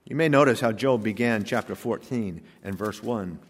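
A male pastor preaching a sermon, emphatic, firing off rhetorical questions and swinging from hushed to loud. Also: lowish voice, moderate pace. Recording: long reverb of a large hall.

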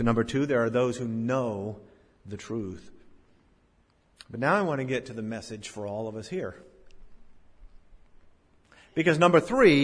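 A middle-aged pastor preaches with a mid-range man's voice, surging loud on key words and then falling almost to a murmur. His words ring out in a church sanctuary with a long reverb tail. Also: mid-range voice, slightly rough. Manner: dramatic swings between loud emphasis and hushed drops. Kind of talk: sermon.

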